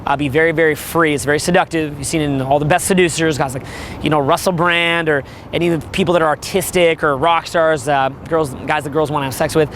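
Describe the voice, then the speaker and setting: A middle-aged man with a worn, rough voice, giving a blunt, profane, animated coaching monologue about dating. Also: fairly high pitch, quick pace, slight background noise. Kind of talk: motivational monologue.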